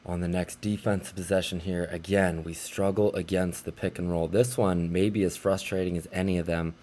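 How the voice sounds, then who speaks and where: A young man casually recapping basketball highlights like an excited fan commentator. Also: brisk.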